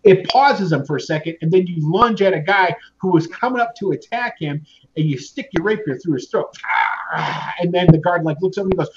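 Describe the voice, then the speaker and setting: A man runs a tabletop game in a loose, rambling way, full of fillers and false starts. His voice sits a little high. The audio is muffled, with clear noise underneath. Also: brisk. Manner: casual, rambling with fillers and restarts. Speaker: game master.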